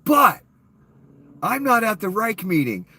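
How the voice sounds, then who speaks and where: A man's voice: high-pitched, sing-song, slow, pushed and bright, husky. A man with a cold ranting sarcastically and profanely as a YouTube commentator, in a casual off-the-cuff style. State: ill, coughing.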